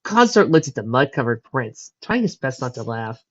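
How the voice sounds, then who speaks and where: A woman reading a fan story aloud, narrating quietly and quickly between the characters' lines. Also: rumbling low, very animated. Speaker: fan fiction reader. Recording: dull lo-fi recording.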